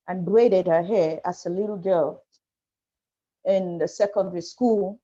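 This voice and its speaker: A woman's voice: lowish voice, steady tone, warm tone. Emotional woman on a muffled call. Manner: emotional, halting, apologetic. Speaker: panel guest, musician. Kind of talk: personal testimony on a video panel. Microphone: video call. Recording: muffled lo-fi video call audio.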